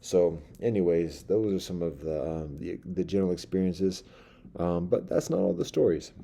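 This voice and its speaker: A man telling a rambling comic monologue in a halting, wry way, with many restarts. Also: low voice, gravelly, dark tone.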